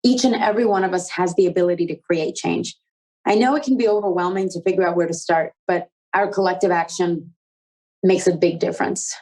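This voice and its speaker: The host of the youth conversation is a young woman whose low-side, slightly mellow voice moves briskly in a steady tone. She presents scripted material and casual questions with eager, upbeat energy, though the recording quality is low.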